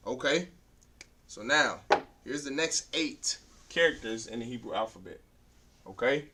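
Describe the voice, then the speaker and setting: A man's voice: medium pitch, lively intonation, unhurried, long pauses, background noise. Man teaching letters from far off the mic. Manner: drills letters aloud, stresses sounds, then lectures firmly. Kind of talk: beginner language class.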